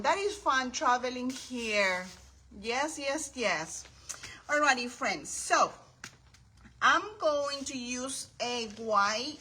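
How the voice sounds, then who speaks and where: A woman hosting a casual craft livestream from her home craft table, chatting warmly with viewers by name and calling them her friends. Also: high-pitched, a little hiss or hum, poor audio.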